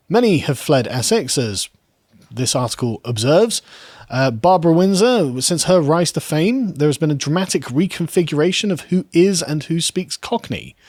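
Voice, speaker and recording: A man giving commentary, reading passages from articles and adding measured asides of his own. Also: fairly high pitch, a little mellow, no room sound, clean studio sound. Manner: measured, reads quoted passages aloud with pointed asides. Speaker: political commentator.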